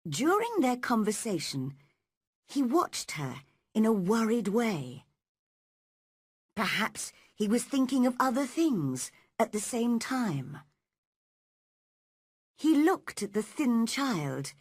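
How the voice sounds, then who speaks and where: A woman reading a story aloud at a slow, careful pace for learners. Her voice rises and falls freely with a slightly husky edge, recorded close and dry. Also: fairly high pitch, big pitch swings, no room sound. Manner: slow and clearly paced. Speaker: narrator. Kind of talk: slow scripted narration for learners.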